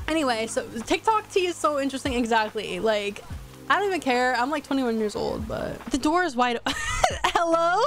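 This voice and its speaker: A young woman in her twenties, a streamer chatting casually with her chat while playing a game, giggly and teasing. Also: a little high. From United States. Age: 20s.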